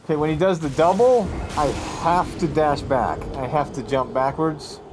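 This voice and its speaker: A young man giving casual let's-play commentary, excitable and talking to himself as he yells at the game. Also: on the high side, moderate pace, noisy background. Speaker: gameplay commentator.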